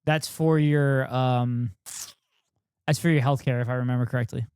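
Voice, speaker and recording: A man's voice: mid-range voice, steady tone, normal speed, a little mellow, clear, resonant tone, no room sound, clean studio sound. A man live-streaming and chatting with viewers in a rambling, self-deprecating way. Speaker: streamer reacting with chat. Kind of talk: casual live-stream chat.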